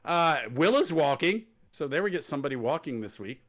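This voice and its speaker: A man hosting a wrestling podcast, talking casually and sarcastically. His pitch swings widely as he mocks promos in put-on voices. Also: sing-song, a little fast. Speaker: podcast host. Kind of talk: casual wrestling recap chat.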